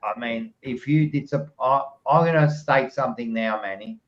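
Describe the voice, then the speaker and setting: A man's voice: mid-range voice, normal speed. An Australian man hosting a sports podcast in casual chat, blunt and laughing a lot, swearing freely. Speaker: podcast host. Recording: dull lo-fi sound.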